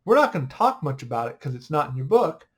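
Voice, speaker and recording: A man's voice: fairly high pitch, big pitch swings, quick pace, slightly rough. A man teaching an online history class in a casual, upbeat way, joking and quizzing his students as he goes.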